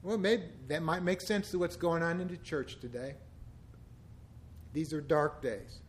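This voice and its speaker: A middle-aged pastor with a notably high voice delivers a sermon. He keeps a casual, conversational tone but pushes into emphatic, impassioned stretches. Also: measured pace, a little hiss or hum.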